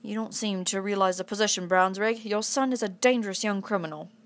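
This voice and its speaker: A woman voicing a cold, haughty aristocratic knight who speaks civilly but with clear superiority, in a storybook reading. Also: mid-range voice, fairly quick, close to an everyday voice.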